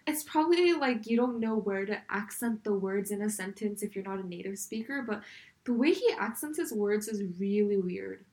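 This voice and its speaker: A woman co-hosting a casual chat, adding wry asides and corrections. Her voice sits at an ordinary middle pitch. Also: animated, moderate pace, darkish tone. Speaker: podcast co-host.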